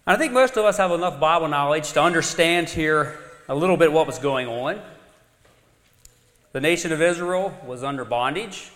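A male pastor delivers a sermon with a bright, lively voice that swings high and drops low as he tells the story. His voice carries a long reverb, as if he is recorded in a large church sanctuary. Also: moderate pace. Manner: storytelling with dramatic rises and drops.

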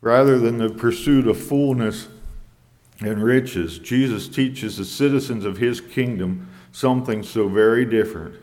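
A man preaching a sermon in a measured way, quoting scripture in old English. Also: mid-range voice, darkish tone, in a large hall.

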